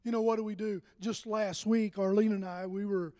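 An older man delivers a sermon in a notably high voice, speaking conversationally with frequent restarts before climbing into emphatic passages. His voice rings out with a long reverberant tail, as in a church hall. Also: fairly even intonation, normal speed, a little mellow. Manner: conversational, with many restarts and rising emphatic bursts. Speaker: pastor.

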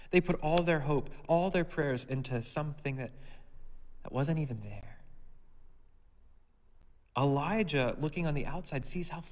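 Guy preaching a sermon, bit higher voice, long echo like a big hall. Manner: reads scripture, then preaches with rhetorical questions.

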